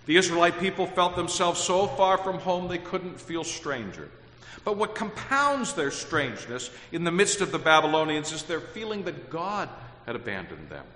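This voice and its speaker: A man preaching a sermon in a measured, earnest way, reading scripture aloud with emphasis. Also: on the high side, big pitch swings, bright, forceful tone. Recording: echoey hall with long reverb.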